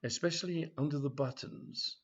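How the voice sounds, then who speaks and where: A man's voice: a little high, normal speed, husky, voice pushed up. A man voicing a polite, suggestive male sweet-shop assistant who talks in a courteous but sly way. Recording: dull lo-fi recording.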